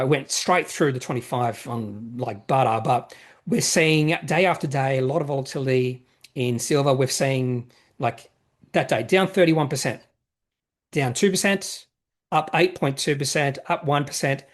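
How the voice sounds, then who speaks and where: A man hosting an investing channel, answering viewer questions in a rambling, self-correcting way with plenty of fillers. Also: mid-range voice. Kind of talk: casual market commentary, reading viewer questions.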